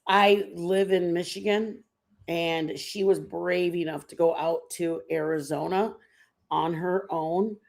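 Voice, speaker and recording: A woman's voice: lowish voice, steady tone, slow, creaky, a little mellow. A middle-aged woman hosting a casual livestream, telling rambling home stories with lots of fillers. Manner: rambling, chatty storytelling with many fillers. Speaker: livestream host. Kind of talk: casual chat.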